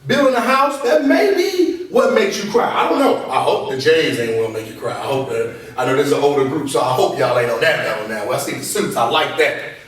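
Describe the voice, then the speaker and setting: A man giving an animated motivational talk to a live group, often checking whether the audience is following him. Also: mid-range voice, brisk. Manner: animated call-and-response, repeatedly asking the audience to follow along. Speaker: motivational speaker and coach. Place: meeting room with an audience. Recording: echoey room from far off.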